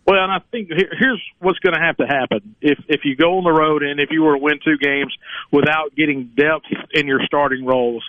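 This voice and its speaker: Baseball analyst on a tinny phone line. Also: male voice, fairly high pitch, no echo. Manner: measured, thinks aloud with fillers. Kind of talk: casual sports analysis.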